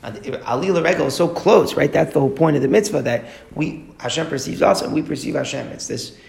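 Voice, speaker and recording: A man giving a Talmud class to a group, explaining a text line by line and posing rhetorical questions in a quick, earnest delivery. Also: a little high, creaky, a little mellow. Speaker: Torah teacher. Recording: echoey room.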